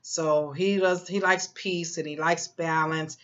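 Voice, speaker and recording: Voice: medium pitch, fairly even intonation, measured pace, fairly bright tone, lo-fi sound. A psychic reader giving a casual spoken prediction, rambling and emphatic, with many fillers and repeated phrases.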